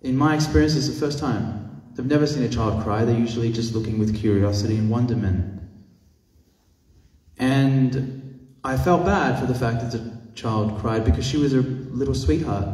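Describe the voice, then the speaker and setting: Man, activist lecturing, animated storyteller, mellow tone, roomy hall sound, distant mic. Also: medium pitch, moderate pace. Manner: animated, acts out quoted voices, swears freely. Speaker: animal rights activist teaching a masterclass.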